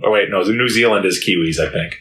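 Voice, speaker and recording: A man's voice: fairly low pitch, brisk, a bit bright. Dry, teasing man co-hosting. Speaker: podcast co-host. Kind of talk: casual chat.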